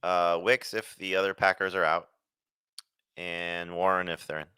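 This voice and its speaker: A man with a deep but bright and crisply smooth voice chimes in on a casual podcast chat. His answers are short and matter-of-fact, and the sound is dry. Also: flat delivery, measured pace, no room sound.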